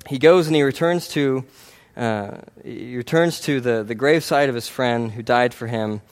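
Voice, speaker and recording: A man's voice: mid-range voice, moderate pace. A man preaching a sermon in an earnest, conversational way, often checking in with the congregation. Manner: earnest, conversational, frequent "right?" tags and restarts.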